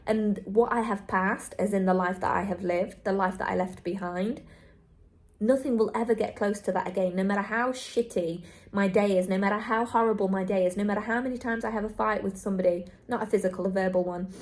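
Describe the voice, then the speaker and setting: A woman's voice: medium pitch, steady tone, fairly quick, darkish tone. Earnest woman vlogging to camera. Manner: earnest, repetitive, heartfelt. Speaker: travel vlogger. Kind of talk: candid vlog monologue to camera.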